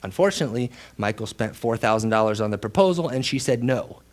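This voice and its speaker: A male pastor preaching a sermon with dramatic storytelling, dropping to a hush and then rising loud for emphasis. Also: mid-range voice, animated, fast. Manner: dramatic storytelling, swings between hushed and loud.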